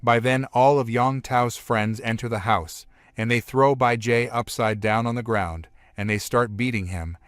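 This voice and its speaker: A man's voice: mid-range voice, steady tone, measured pace, few pauses, a bit bright, clear, resonant tone, no room sound, clean studio sound. A man narrating a comic story recap, retelling plainly in the present tense.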